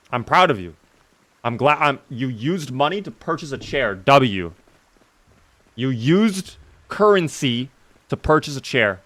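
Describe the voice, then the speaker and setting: A man's voice: medium pitch, fairly bright tone. A man streaming a video game, chatting casually with his viewers and joking in a mock-formal way while talking around a sore in his mouth. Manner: chats with viewers by name. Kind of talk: casual gameplay commentary to live chat.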